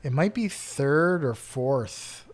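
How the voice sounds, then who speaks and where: A man co-hosting a podcast, quizzing his co-host in casual chat with quick asides. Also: mid-range voice, animated, slightly rough.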